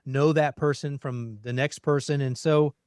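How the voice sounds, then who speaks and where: A man's voice: medium pitch, fairly even intonation, a little slow, darkish tone, clear, resonant tone, no room sound, clean studio sound. A man hosting a podcast, chatting casually and animatedly about his garden. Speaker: podcast host.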